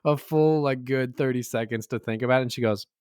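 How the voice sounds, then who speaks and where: Here the man's voice is medium-pitched, smooth and darkish, and he talks fairly quickly. He's co-hosting a laid-back podcast, telling stories with frequent laughter and acting out quoted voices, all captured in a dry, clean studio recording.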